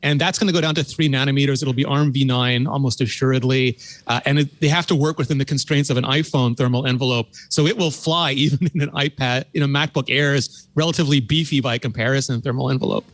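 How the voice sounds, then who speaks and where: A man on a tech podcast panel, explaining hardware in quick, technical casual talk. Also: mid-range voice, steady tone, dry recording. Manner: fast, technical, laughs often.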